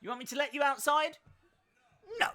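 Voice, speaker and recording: A man hosting a live wrestling watch-along stream, commenting in a jokey, excitable way and breaking into shouts at big moments. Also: high-pitched, measured pace.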